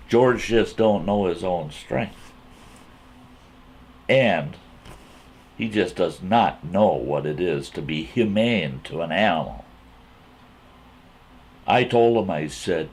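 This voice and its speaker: A man telling a folksy campfire story in an animated way, repeating himself as he builds the scene. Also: sits low, husky. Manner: drawn-out, repetitive, animated retelling.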